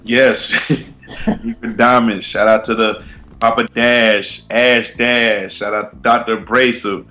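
A man's voice: mid-range voice, little pitch movement, takes it slowly, pushed and bright, soft background music. A laid-back man co-hosting a podcast, talking casually and often adding "you know what I'm saying". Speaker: podcast co-host. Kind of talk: casual banter.

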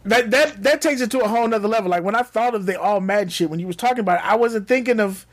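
A man in his thirties co-hosting a casual, crude podcast chat, animated and joking. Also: high voice. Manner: animated, joking, quick rises into laughter. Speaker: podcast co-host.

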